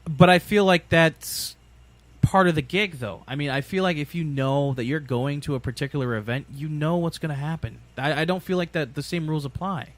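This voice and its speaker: A man co-hosting a casual podcast chat, joking and asking questions in an animated way. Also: fairly high pitch, fairly quick.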